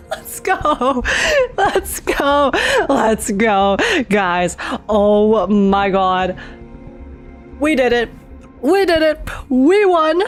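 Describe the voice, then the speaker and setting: A woman streaming live, reacting excitedly to game pulls and chatting with viewers. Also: medium pitch.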